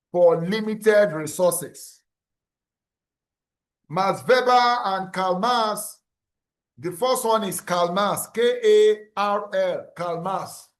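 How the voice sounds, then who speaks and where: A man giving a university lecture, explaining slowly, repeating key terms and checking that students follow. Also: high-pitched. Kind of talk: classroom lecture.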